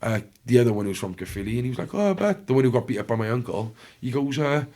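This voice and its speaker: Telling a story as a podcast guest, this Cardiff-accented man from Wales speaks quickly in an expressive, mellow, medium-pitched voice. He swears freely, keeps it blunt and casual, and plays out other people's lines himself.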